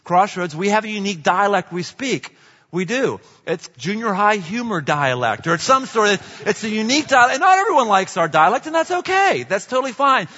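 A man preaching a sermon as pastor, energetic and joking, with strong emphasis. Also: sits high, a little fast. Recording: dull reverberant hall sound.

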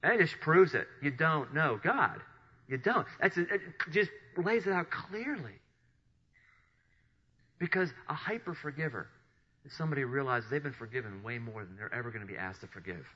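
A man preaching a sermon, retelling Bible stories with animated storytelling and acted-out voices. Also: mid-range voice, normal speed, husky. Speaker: pastor. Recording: dull lo-fi sound.

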